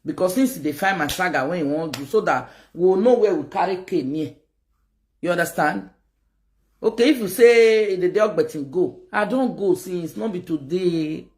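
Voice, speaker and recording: A Nigerian woman with a Nigerian accent, ranting to her viewers in a rambling, animated way and mixing pidgin with local-language phrases. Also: on the low side, moderate pace. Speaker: online video host. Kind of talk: casual rant to camera.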